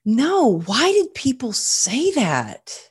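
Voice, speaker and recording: A woman's voice: high voice, huge pitch swings, takes it slowly, darkish tone, slightly rough. A woman hosting a podcast, talking in an earnest, candid, personal way. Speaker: podcast host. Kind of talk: podcast interview conversation.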